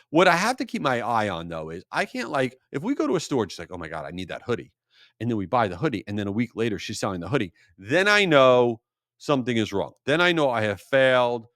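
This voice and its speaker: A middle-aged man hosting his podcast, talking in a casual, animated storytelling way. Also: no room sound, clean studio sound. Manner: animated storytelling, rising to exasperated high pitch. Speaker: podcast host. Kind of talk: casual solo podcast monologue.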